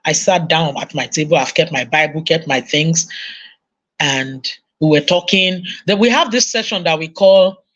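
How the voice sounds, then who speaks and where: Woman, Nigerian English accent, conference sermon, animated storytelling, acts out voices. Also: deep voice, moderate pace. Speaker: conference speaker. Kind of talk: sermon-style parenting talk.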